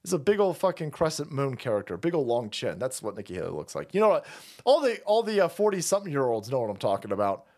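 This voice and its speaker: A man's voice: medium pitch, very animated, quick pace, a little mellow. A man hosting a livestream, ranting about politics in a heated, crude and mocking way and swearing constantly. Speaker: livestream host. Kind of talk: profane political rant on a livestream.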